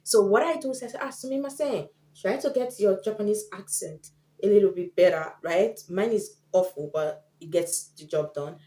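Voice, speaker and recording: A woman's voice: medium pitch, normal speed, dark tone. A woman vlogger giving tips in casual chat to camera, chatty and often acting out the people she quotes. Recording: echoey room.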